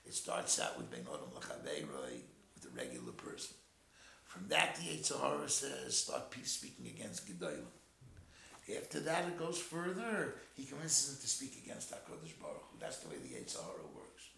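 A man giving an animated Torah class in English full of Hebrew and Yiddish terms, telling a story and explaining verses. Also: low voice, normal speed, creaky, a little hiss or hum. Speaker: Torah teacher. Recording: roomy echo.

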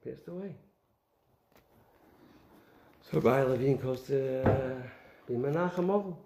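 A man giving an animated Torah talk, asking rhetorical questions and telling stories. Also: medium pitch, a little slow, creaky, reverberant, noisy background. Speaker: Torah teacher.

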